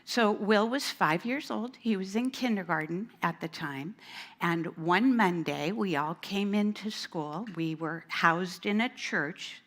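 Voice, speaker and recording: A woman who worked as a school administrator, telling a lively story at a church event and voicing the people in it, including a small child. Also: lowish voice. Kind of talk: storytelling talk at a women's event. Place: church hall.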